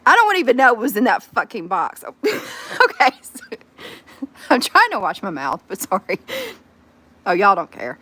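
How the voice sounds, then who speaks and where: A woman with a Southern US accent, chatting casually with her livestream viewers from her phone, animated and quick to squeal and laugh. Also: mid-range voice. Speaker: livestream host.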